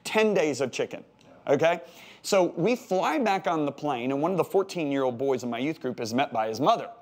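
A man in his sixties from the United States, teaching a sermon with animated emphasis, repeated words and jokey asides. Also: a little high, fairly quick. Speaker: pastor. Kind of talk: sermon-style Bible teaching.

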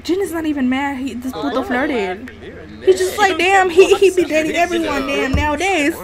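A woman with a high voice narrates her life-sim gameplay in excitable, profanity-laced commentary. Babbling game-character voices keep chattering under her the whole time. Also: normal speed, music in the background, crowd noise. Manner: excitable, swears freely, narrates reactions. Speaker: gaming channel host. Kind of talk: let's-play commentary.

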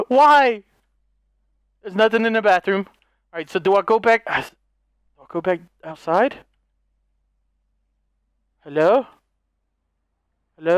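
A man narrating a horror game as he plays, jumpy and excitable, stammering and yelping when startled. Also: high voice, normal speed, pauses often, soft background music. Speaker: gaming YouTuber. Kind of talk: horror game let's play commentary.

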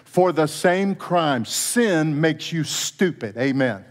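A middle-aged man preaches to his congregation, telling a story and dropping to soft, hushed tones for quoted words before climbing into fervent, higher passages. His voice sits a bit high for a man. The sound carries the long reverb of a church sanctuary. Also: lively intonation, takes it slowly. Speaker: pastor. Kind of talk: sermon.

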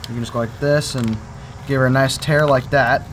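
A young man chatting excitedly to viewers while fishing and cleaning fish outdoors, calling them folks and boys. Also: medium pitch, brisk, slight background noise. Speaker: fishing vlogger. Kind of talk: casual outdoor vlog tutorial.

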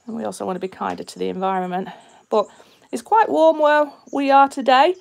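Yorkshire lady with a bit of aussie twang, slightly high voice, chatting away to her live stream while she makes stuff at home. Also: steady tone, brisk, gravelly. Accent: Yorkshire with a slight Australian twang. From Yorkshire, England. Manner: chatty and friendly, greeting viewers and reading out chat comments. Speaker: resin artist hosting a live stream. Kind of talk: casual live-stream chat while demonstrating a craft.

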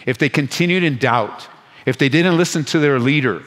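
A man preaching as a pastor at a Bible study, moving between hushed, intimate lines and loud, urgent exhortation, with playful asides. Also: mid-range voice, normal speed, in a large hall. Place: church sanctuary.

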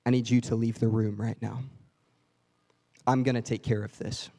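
A man voicing a calm, firm father speaking quietly to his son. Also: mid-range voice, moderate pace, pitched below the performer's own voice, natural voice. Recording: reverberant church hall.

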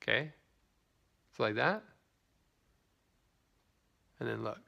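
A man's voice: mid-range voice, lively intonation, takes it slowly, creaky, sharp tone, highs cut off. A man chatting through a live product demonstration, greeting viewers by name and switching into broken Spanish, filmed on a phone at home. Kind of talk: casual live product demo.

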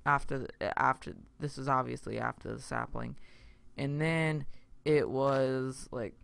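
A young man chatting his way through a block-building game, rambling and filling gaps with little asides. His voice is bright and crisp with a gravelly fry underneath, recorded close on a desktop mic. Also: medium pitch, fairly even intonation, unhurried. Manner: rambling, chatty, self-interrupting with lots of fillers. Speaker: gaming YouTuber. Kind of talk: casual Minecraft let's play commentary.

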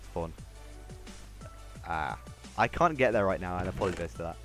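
Over game music, a man with a low-sitting voice rambles casually to himself as he plays, speaking at a moderate pace in an animated way.

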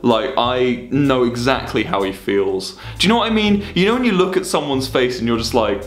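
A man's voice: medium pitch, animated, moderate pace, few pauses, echoey room, soft background music. A young man streaming, reacting to fan memes in casual, sweary, mock-indignant banter.

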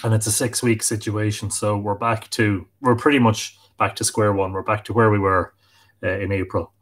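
A man's voice: on the low side, little pitch movement, normal speed. An Irish man hosting a live stream in a casual, chatty way, greeting his viewers one by one. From Ireland.

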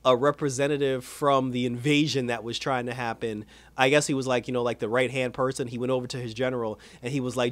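A man casually recapping and reviewing an animated episode. He is animated, laughs often and acts out the characters' lines. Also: medium pitch, quick pace, dry recording. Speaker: show reviewer.

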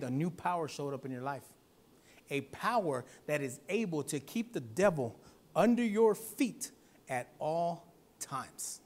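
A male pastor preaching at a church service, swinging from loud exhortation to softer speech and calling out to the congregation for a response. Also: on the high side. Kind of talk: sermon.

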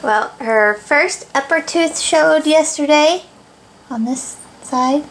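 Woman, home video, slow and high-pitched, cooing baby talk to her infant. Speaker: mother filming her baby. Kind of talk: casual home video chat. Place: home, indoors. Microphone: handheld camera mic.

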